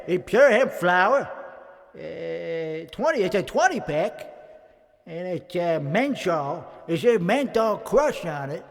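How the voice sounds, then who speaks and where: A man rambling through a profane, mock-boastful comedic monologue, a bit winded and out of breath. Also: high voice. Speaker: comedic streamer.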